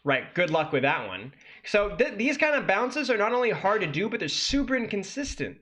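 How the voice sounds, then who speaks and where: A man's voice: high voice, sing-song, moderate pace, a bit bright, breathy edge. A man coaching as he reviews a gameplay guide on stream, ranting and critiquing with sudden incredulous outbursts.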